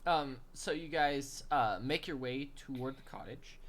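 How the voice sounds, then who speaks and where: A man narrating a tabletop game as game master, relaxed and full of fillers. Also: mid-range voice, a little slow, crowd noise.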